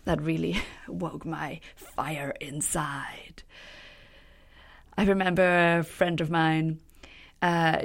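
Woman coach doing a solo podcast, low voice with some fry, earnest and passionate. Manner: earnest, passionate, with soft laughs and breathy asides. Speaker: podcast host and leadership coach. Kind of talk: reflective solo podcast talk.

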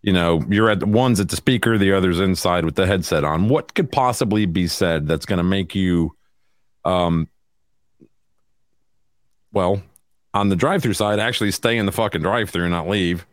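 A man's voice: low-pitched, moderate pace, no echo, clean studio sound. A man co-hosting a casual podcast, rambling and incredulous, and swearing often. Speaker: podcast co-host. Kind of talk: casual chat.

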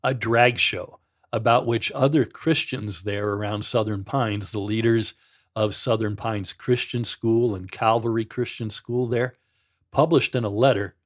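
His voice sits fairly low, with fairly even intonation and a moderate pace. A middle-aged ex-pastor, he hosts a podcast as a sarcastic monologue, dramatically reading quotes aloud to mock them.

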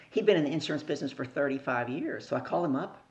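A middle-aged woman telling lively stories as a sales coach on a podcast, asking her listeners questions along the way. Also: low voice, fast. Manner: animated storyteller who acts out voices and asks the listener questions. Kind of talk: storytelling in a podcast interview.

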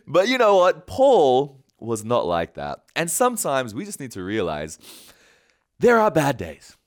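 A man's voice: medium pitch, huge pitch swings, a little slow. A man preaching a sermon, retelling a story with frequent chuckles. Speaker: pastor.

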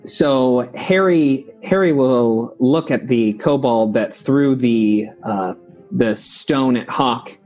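A man playing a tabletop game, explaining his moves in a hesitant, halting way. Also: mid-range voice, a little mellow, soft background music, poor audio. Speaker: player. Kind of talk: tabletop role-play.

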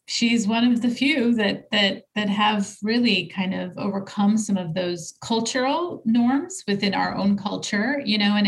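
A woman guest and leadership coach in a conversational interview, talking thoughtfully with frequent fillers and restarts. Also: mid-range voice. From United States.

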